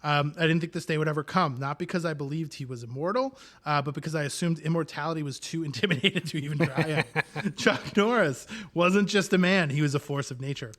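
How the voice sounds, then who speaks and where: A man with a slightly higher voice co-hosts a casual podcast. He talks in a loose, chatty way, full of restarts and filler words. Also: brisk, fairly bright tone. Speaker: podcast co-host.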